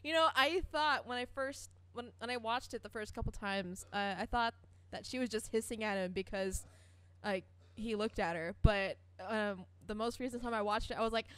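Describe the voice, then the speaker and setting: A woman's voice: a little high, normal speed, a bit bright, smooth, no echo. A young woman co-hosting a casual fan podcast, giggly and hesitant, often restarting her sentences. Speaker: podcast co-host.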